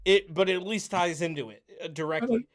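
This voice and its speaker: A man's voice: high-pitched, a little fast. A man co-hosting a podcast, chatting casually and laid-back, often agreeing. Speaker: podcast co-host. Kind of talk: casual banter.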